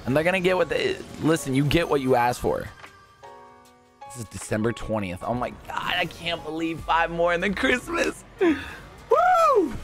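An excitable young man talks casually as he opens game crates, rambling and jumping from topic to topic. His pitch swings widely, and now and then he bursts into a shout. Faint music plays behind him. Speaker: gaming YouTuber. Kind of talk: casual crate-opening commentary.

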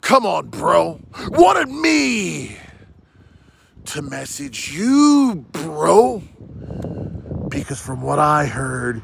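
A man doing a comedy roast video, brash and profane, yelling and tacking "bro" onto every line. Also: a little high, huge pitch swings, extremely slow, creaky, long pauses, noisy background.

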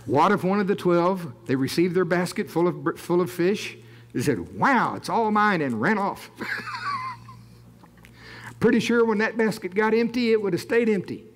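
A man's voice: sits high, animated, a little slow. A man preaching a sermon, moving into earnest spoken prayer and chuckling between phrases as he rises into fervent declarations. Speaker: pastor.

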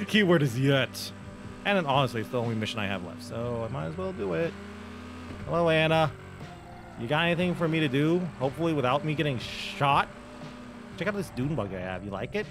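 A man's voice: fairly high pitch, expressive, brisk, music in the background. A young man casually commenting on his gameplay, joking and rambling with plenty of fillers. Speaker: gaming video host.

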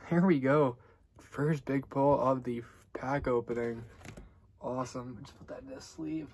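A young man hosting a casual card-opening video, chatting loosely and getting excited at good pulls. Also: medium pitch, unhurried. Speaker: card-opening channel host.

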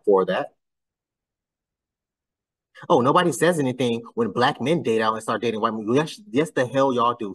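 A man hosting a casual reaction commentary, blunt and exasperated. His voice sits at an ordinary middle pitch but climbs high when he turns incredulous. He is recorded a little distant from the mic. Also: a bit bright. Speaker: commentary channel host.

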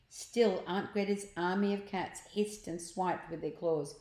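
A woman reading a children's storybook aloud at a slow, careful pace. Her voice sits a little low, and she stops to explain words and pictures to young listeners. The room gives it a noticeable echo. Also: fairly even intonation, dark tone. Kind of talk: children's book read-aloud. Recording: echoey room.

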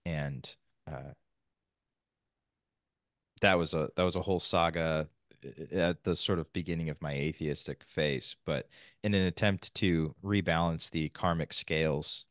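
A man on a podcast, explaining his point in an articulate, measured way. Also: extremely low pitch, no room sound, clean studio sound. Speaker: podcast guest. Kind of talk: casual podcast discussion.

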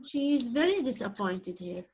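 A woman's voice: a little high, sing-song, normal speed, darkish tone, breathy edge, rough recording. A young woman whose first language is Arabic, a teacher reading a picture book aloud and stopping to explain the pictures.

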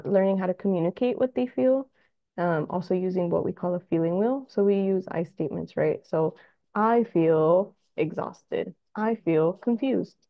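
A woman therapist talks parents through child behavior in a relaxed, conversational way, now and then acting out little scenes with kids. Her voice sits low with a gravelly fry. The sound is dry and a little dull. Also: no echo. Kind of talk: presentation to parents.

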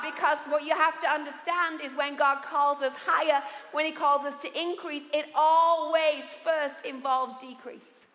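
A woman pastor preaching a sermon, lively and humorous, acting out the voices she quotes. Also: sits high, measured pace, hardly any pauses. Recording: echoey hall with long reverb.

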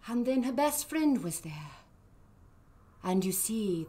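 A woman host spinning a personal story as if it were a fairy tale, in a whispery, playful storybook voice. Her pitch swoops freely, and her pace stays slow and drawn out. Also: very animated, a little mellow.

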